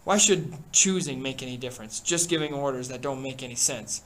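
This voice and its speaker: A man's voice: medium pitch, a little fast, slight background noise, natural voice. A man voicing an aggressive, contemptuous boy hunter while reading a novel aloud. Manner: shouting, contemptuous.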